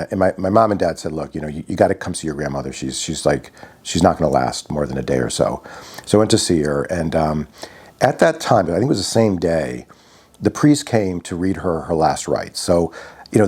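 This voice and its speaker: A man from Connecticut telling a personal story in a reflective, halting way, often restarting his sentences. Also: low-pitched, darkish tone. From Connecticut, USA.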